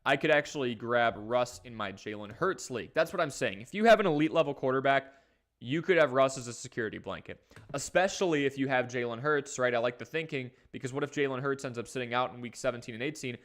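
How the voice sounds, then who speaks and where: A man hosting a live fantasy football stream, talking casually and energetically while he reads from the chat. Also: medium pitch. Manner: energetic, conversational, talks fast in bursts. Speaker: fantasy football livestream host.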